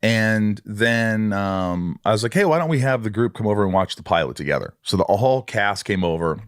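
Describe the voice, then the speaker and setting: A middle-aged man with a very low, deep voice recounts a story in a casual interview, slipping into quoted voices with real animation. The sound is dry and close, with no room around it. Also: moderate pace, no echo. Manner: animated, acts out quoted dialogue. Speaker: podcast host.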